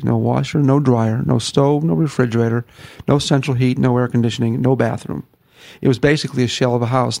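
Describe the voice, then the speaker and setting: A middle-aged man from the northern United States, a ministry founder telling his story in an interview, folksy and animated, acting out the quotes. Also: medium pitch, creaky, dry recording.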